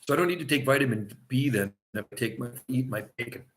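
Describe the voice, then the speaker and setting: A man's voice: mid-range voice, fast talker. Chatty rambling man livestreaming. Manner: rambling, chatty, laughs often. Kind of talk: casual livestream chat. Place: vacation home by the sea.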